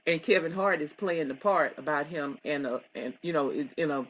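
A woman's voice: sits low, normal speed, muffled recording. A woman co-hosting a casual gossip chat, rambling and laughing often with many restarts. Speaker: podcast co-host.

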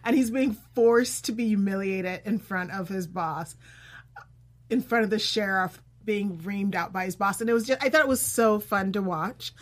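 A woman's voice: mid-range voice, moderate pace. Emphatic woman reacting to a TV episode. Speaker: podcast co-host. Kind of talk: casual TV review chat.

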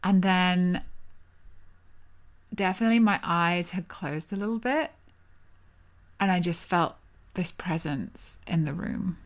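A woman's voice: on the low side, takes it slowly, long pauses. A young woman vividly retelling a personal story to her viewers, with breathless restarts.

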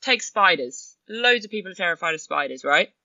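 A woman speaks as a podcast guest, animated and quick to act out her own inner voice. Her tone is bright and forceful. The recording is dry and somewhat dull. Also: on the low side, dry recording. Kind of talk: conversational storytelling.

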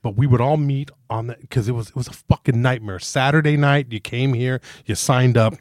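A man's voice: medium pitch, steady tone, fairly quick, no echo. A man hosting a comedy podcast, telling rambling, profane stories in casual chat.

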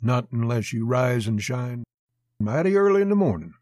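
A man's voice: medium pitch, big pitch swings, moderate pace, darkish tone, no room sound, studio quality, close to an everyday voice. A man voicing a cold, unemotional young cowboy who mutters a taunt. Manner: muttered, drawling.

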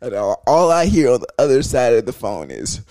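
Animated young man telling a profane story. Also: mid-range voice, a little fast. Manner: animated, loose and profane, acts out quoted voices. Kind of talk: casual storytelling to camera.

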